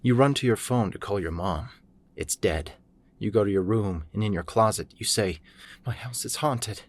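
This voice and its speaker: A man reads a short horror story aloud, telling it in a plain second-person voice. His pitch sits very low. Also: normal speed. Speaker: narrator.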